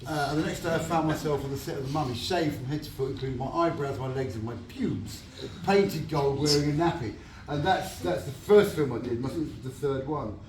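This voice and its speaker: A man and guest actor telling anecdotes on a fan panel, animated and laughing, acting out voices in his stories. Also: a little high, brisk, few pauses, noisy background. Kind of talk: anecdotal storytelling to an audience. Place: event hall before a live audience. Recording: echoey hall, distant mic, crowd.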